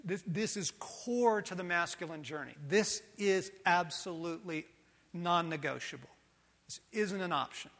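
A man preaches with a high, bright voice that leaps from loud bursts to hushed, tender lines. His sermon rings through a large hall with a long reverb tail. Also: moderate pace. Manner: animated, swinging from loud to soft and intimate.

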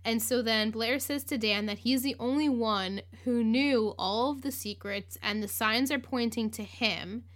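Woman, podcast host, chatty recap, full of "like", bright clear tone. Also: fairly high pitch, a little slow, hardly any pauses. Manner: chatty, lots of "like", acts out quotes, laughs. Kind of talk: casual recap chat.

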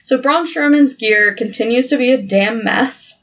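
A woman's voice: on the high side, moderate pace, fairly bright tone, dull audio. A woman co-hosting a podcast in casual banter, blunt and profane, laughing often. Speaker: podcast co-host.

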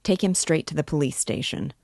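A pushy man in a long coat, read by a woman, cuts in with insistent demands. The voice is slightly gravelly, recorded dry and close. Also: deep voice, brisk, darkish tone, no room sound. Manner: insistent, abrupt interjections.

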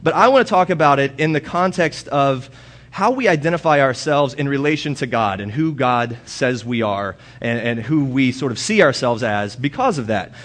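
Animated young man giving a casual sermon. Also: moderate pace. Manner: animated storytelling, mimics quarrels in a high voice. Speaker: guest speaker. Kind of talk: casual sermon with personal stories. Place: church hall.

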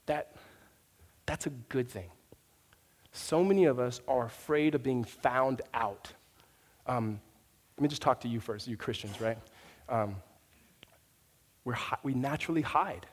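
A man's voice: mid-range voice, normal speed, fairly bright tone, big-room sound. A man preaching a sermon as a pastor, talking in a conversational way with fillers and restarts. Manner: rising to an emphatic, raised voice.

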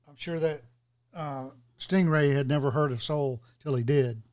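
A man co-hosting a casual podcast, stating firm opinions with emphatic pauses. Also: on the high side, darkish tone. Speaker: podcast co-host. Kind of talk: casual chat.

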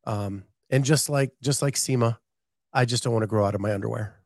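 A man in his fifties talks in easygoing podcast chat and slips in a joke now and then. His voice sits at an ordinary pitch, recorded dry and close with no room sound. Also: brisk, a little mellow, no echo. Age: 50s. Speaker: podcast co-host. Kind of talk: casual chat.

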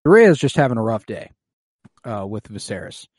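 A man's voice: lowish voice, normal speed, no echo. Laughing, profane man recapping a show. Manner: animated, profane, laughs often. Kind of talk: casual show recap chat.

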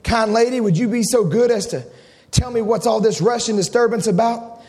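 A man's voice: extremely high pitch, a little fast, a little mellow, big-room sound. A man preaching who voices an old blind beggar, pleading and eager, on an archive sermon recording.

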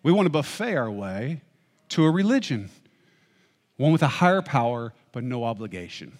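Male preacher, emphatic sermon delivery with a swinging, animated pitch, recorded with long hall reverb. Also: normal speed. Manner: emphatic, asks rhetorical questions.

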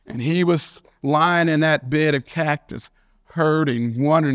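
A male pastor preaching a sermon through a lively childhood story. His voice sits high for a man. He tells the story in an animated, conversational way before turning to scripture. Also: unhurried. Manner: storytelling, animated, with shouted quotes of a friend's catchphrase.

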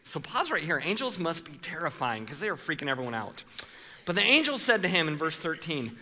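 A man preaching a sermon, telling a story with animated voices for the people in it and calling out to the congregation. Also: on the high side, a little fast, in a large hall. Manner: playful with the congregation, calls for responses. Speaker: pastor.

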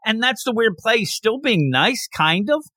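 Host, male, lively, slightly high voice, casual chat recapping a comic and acting out the lines. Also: moderate pace, no echo, clean studio sound. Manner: animated, acts out characters' lines while recapping.

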